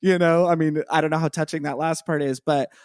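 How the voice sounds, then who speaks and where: A man co-hosting a podcast, enthusiastic and rambling, with a fairly high voice. He loops through his thoughts with many fillers. The sound is dry and close. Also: steady tone, brisk, darkish tone, dry recording. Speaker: podcast co-host. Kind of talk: casual podcast chat.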